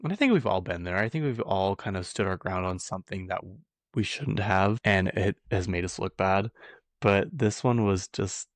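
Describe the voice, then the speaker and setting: A low-voiced man hosts a podcast at a moderate pace, recorded with no room sound. He chats casually and ramblingly about pop-culture gossip, saying "like" constantly.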